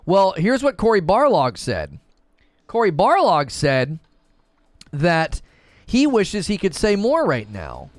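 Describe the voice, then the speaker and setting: A man from the United States hosts a casual stream and reads chat messages aloud. His voice sits a little high and swings widely in pitch. He laughs often and trips over quick restarts, with faint music playing underneath. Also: huge pitch swings, no echo. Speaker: streamer host reading chat.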